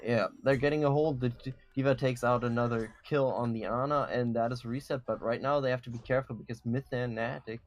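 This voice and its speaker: A man casting an esports match, giving measured, analytical play-by-play and breaking down team compositions. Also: mid-range voice, steady tone. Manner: measured analytical commentary with some fillers. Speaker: esports caster.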